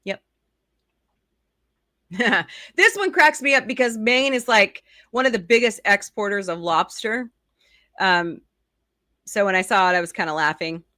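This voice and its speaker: Bright-voiced woman host, chatty and dry. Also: mid-range voice, dry recording. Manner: chatty, reads articles aloud with quick asides and laughs. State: sleepy, yawning. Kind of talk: casual chat reading news aloud.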